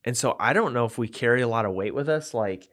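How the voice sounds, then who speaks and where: A man's voice: medium pitch, animated, fast talker, a bit bright. A man co-hosting a casual podcast chat, reflective and thinking aloud as he talks. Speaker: podcast co-host.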